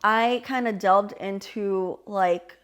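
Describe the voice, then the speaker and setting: A young woman co-hosts a casual podcast and walks her guests through an idea at length. She sounds animated and chatty, with plenty of "like" and "um" as she goes. Her voice sits at an ordinary middle pitch for a woman. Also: takes it slowly, clear, resonant tone. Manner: explains at length, animated, many fillers. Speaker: podcast co-host. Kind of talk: casual chat.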